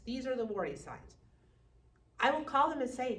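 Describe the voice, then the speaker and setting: A woman teaching a class on dementia care, lively, acting out family members and residents. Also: on the high side, moderate pace. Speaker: dementia educator. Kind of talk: classroom lecture. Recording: echoey room from far off.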